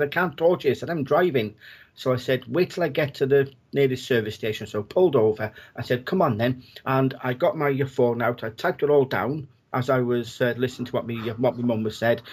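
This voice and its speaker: A man, a medium, telling a personal story in a gentle, rambling way with many fillers and restarts. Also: medium pitch, slightly rough.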